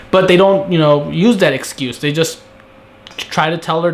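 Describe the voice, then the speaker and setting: A young man with a slightly high voice talks through a TV episode in a loose, conversational review. He keeps breaking into quick impressions of the characters' lines before snapping back to his own take. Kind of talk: casual solo review.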